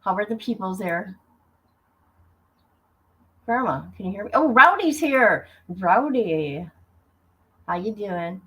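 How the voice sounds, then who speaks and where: A woman's voice: mid-range voice, expressive, takes it slowly, pauses often, fairly bright tone, low-quality recording. A woman hosting a casual livestream, chatting loosely and greeting her viewers by name as she talks. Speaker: livestream host.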